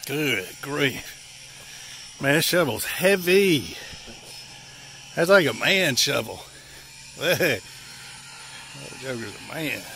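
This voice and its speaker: Appalachian guy out of breath, gravelly bright voice, joking around outside, faint hiss. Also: mid-range voice, sing-song, slow pace, pauses often. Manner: joking, folksy, rural slang. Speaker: vlogger. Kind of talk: casual on-site narration. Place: outdoor work site.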